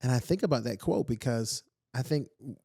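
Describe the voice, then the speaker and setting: Podcast host guy, mellow voice, thoughtful and curious, dry close sound. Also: medium pitch, animated, a little fast, gravelly, slightly rough, no echo. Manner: reflective, asks searching questions. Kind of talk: casual conversational interview.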